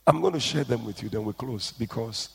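A man preaches with urgent, pleading force, and his voice is husky with a gravelly edge. It rings out with a long reverb, as if recorded in a large hall. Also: mid-range voice, fairly quick. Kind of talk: sermon with read-out testimony. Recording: echoey hall.

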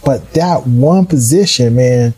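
A middle-aged man telling his career story in a casual, animated way, acting out the voices of people he quotes. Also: mid-range voice, slow, breathy edge, low-quality recording. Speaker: guest.

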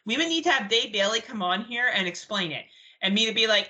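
A young adult woman co-hosting a podcast in casual chat, blunt, profane and animated as she rants. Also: mid-range voice, fast talker. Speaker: podcast co-host.

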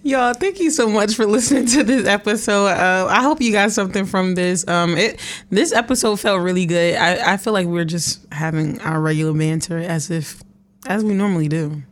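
A woman hosting a podcast in casual chat, animated and quick to laugh. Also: medium pitch. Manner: chatty, animated, laughs easily. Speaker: podcast host.

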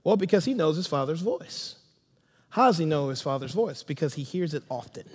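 A man preaching a sermon as pastor, his voice swinging from loud bursts to hushed lines. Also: fairly high pitch, animated, a little fast, breathy edge. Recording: long hall reverb.

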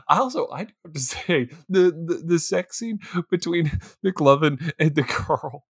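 A man chats about a movie, giggling constantly as he talks. His voice is breathy and swings widely in pitch, recorded dry and close. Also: dry recording. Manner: giggly, laughs through his words. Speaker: podcast co-host. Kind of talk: casual movie chat.

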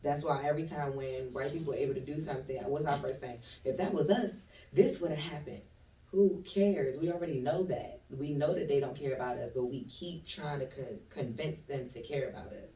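A man's voice: medium pitch, steady tone, fairly quick, few pauses, dark tone, distant mic. A man in a casual group chat giving earnest, opinionated views in a reflective tone. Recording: roomy sound from off-mic.

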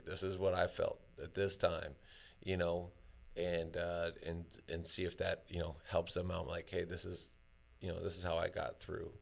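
Low gravelly guy chatting, lots of um and you know. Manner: halting, full of fillers and restarts. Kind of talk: casual conversation.

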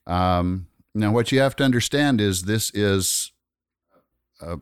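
A middle-aged man with a very low voice talks through a rambling anecdote in a relaxed, conversational way. He trips over his words and starts over as he builds the story. The sound is close and dry, with no room around it. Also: slow, smooth, no room sound. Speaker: guest storyteller. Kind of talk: casual storytelling chat.

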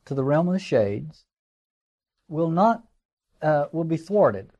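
A man's voice: on the high side, sing-song, takes it slowly, darkish tone. A man giving a classroom lecture in a conversational, digressive way, with fillers and wry asides. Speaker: teacher.

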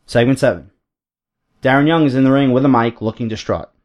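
A man's voice: medium pitch, a little fast, a little mellow, dull audio. A man hosting a podcast, casually narrating fantasy wrestling segments. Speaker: podcast host. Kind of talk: reading out fantasy wrestling booking.

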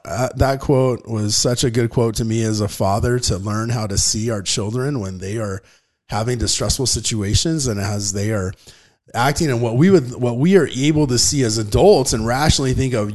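A man's voice: medium pitch, normal speed, darkish tone. A man in his thirties, a father co-hosting a podcast, talking earnestly and rambling with frequent restarts. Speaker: podcast co-host. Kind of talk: casual podcast chat.

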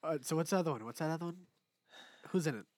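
A young man talking loosely with a friend, his sentences wandering and peppered with swearing and laughter. His voice sits a touch high. The recording is dry and close, with no room echo. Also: very fast, darkish tone. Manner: rambling, profane, laughs often. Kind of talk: casual chat.

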